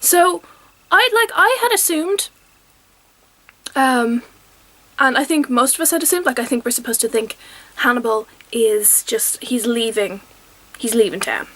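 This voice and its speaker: A young woman with a fairly high voice, chatting through a TV episode review. She is enthusiastic and rambling, and she bursts into acted-out quotes as she talks. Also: measured pace, pauses often, fairly bright tone, no echo. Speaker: TV review vlogger. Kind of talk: casual review chat.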